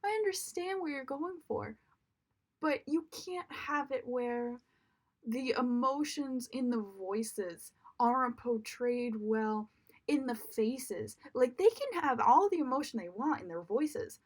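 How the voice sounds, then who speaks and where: Young adult woman, casual film reviewer, fairly high voice, chatty and exasperated delivery. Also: animated, slow pace. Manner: chatty, frequent fillers, exasperated complaining. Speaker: movie reviewer.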